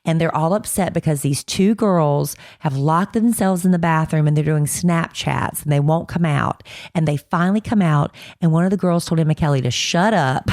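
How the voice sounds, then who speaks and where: A woman co-hosting a podcast, telling a story in a casual, animated way and acting out other people's voices as she goes. She is getting over a cold. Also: low-pitched, normal speed. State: fighting a cold. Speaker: podcast co-host.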